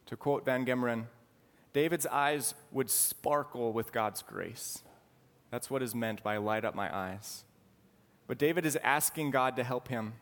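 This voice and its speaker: A man's voice: mid-range voice, measured pace, a bit bright. A man preaching a sermon, explaining scripture in an earnest, teaching manner. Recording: long hall reverb.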